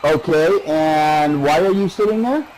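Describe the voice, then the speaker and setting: A man's voice: a little high, measured pace, darkish tone, slight background noise, rough recording. A man doing playful ringside wrestling commentary, teasing and needling his co-host.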